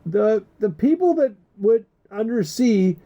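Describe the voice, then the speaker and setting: A man's voice: sits high, sing-song, measured pace, mellow. Joking man on a muffled lo-fi mic. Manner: joking, teasing, swears freely. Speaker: podcast co-host. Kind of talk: casual chat.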